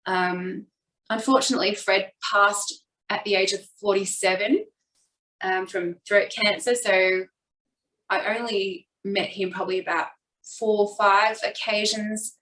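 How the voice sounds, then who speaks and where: A woman's voice: medium pitch, fairly even intonation, fairly bright tone, recorded from a distance. Open, reflective young Australian woman guest, recorded in an echoey room away from the mic. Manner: open, reflective, with quick bursts when retelling. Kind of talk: candid personal storytelling.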